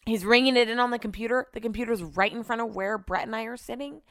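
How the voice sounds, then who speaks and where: A middle-aged woman hosting a podcast, telling an animated, profane story and acting out what people said, with a throat she keeps clearing. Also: fairly high pitch, fast talker, no echo, clean studio sound. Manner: animated, profane, acts out quotes. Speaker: podcast host. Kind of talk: casual storytelling.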